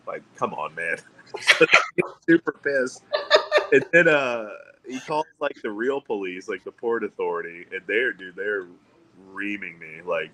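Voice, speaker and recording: A man's voice: sits low, expressive, moderate pace, sharp tone, a little hiss or hum, low-quality recording. A middle-aged man hosting a casual chat, telling profane, wry anecdotes and acting out the other people's lines. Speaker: podcast co-host.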